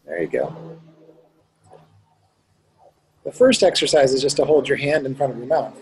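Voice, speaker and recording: A man's voice: mid-range voice, big pitch swings, normal speed, a little mellow, a little hiss or hum, rough recording. A man teaching a student one-on-one, patiently explaining and demonstrating sounds aloud. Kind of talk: one-on-one pronunciation lesson.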